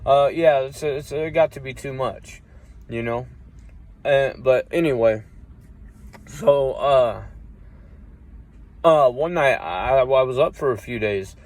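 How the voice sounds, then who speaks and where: A man tells a personal story in an easygoing, unpolished way. He swears freely and circles back on himself, and his mid-range voice jumps up loudly whenever he acts out what someone said. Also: mid-range voice, takes it slowly, long pauses. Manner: profane, rambling, acts out quoted voices loudly. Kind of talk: casual storytelling.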